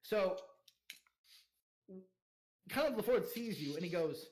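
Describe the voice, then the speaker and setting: A man's voice: high voice, lively intonation, slow, darkish tone. A young man narrating as game master, rambling with fillers and laughter.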